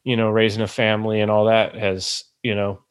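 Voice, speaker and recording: A middle-aged host muses in an easygoing, thoughtful way, pausing on fillers. He sounds calm and unhurried as he shares his own reflections. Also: lowish voice, clean tone. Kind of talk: casual conversation.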